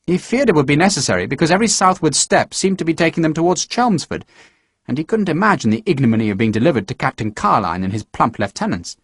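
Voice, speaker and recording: A man narrating an audiobook with a steady, measured reading. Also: on the high side, slightly rough, no echo, clean studio sound.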